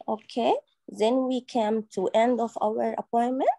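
A rushed doctor explains treatment in a clipped, filler-laden way, as a woman candidate plays her in exam practice. Her voice sits a bit high and the sound is dry and close. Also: steady tone, gravelly, mellow, dry recording. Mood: professional. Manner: hurried, many fillers. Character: woman doctor advising a reflux patient. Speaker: candidate role-playing a doctor. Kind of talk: medical exam role-play.

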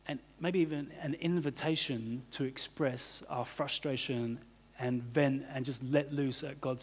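This man's voice is husky and sits in the mid range as he preaches a sermon. He's the pastor, talking casually with plenty of "you know" and "kind of," and the church hall adds audible reverb.

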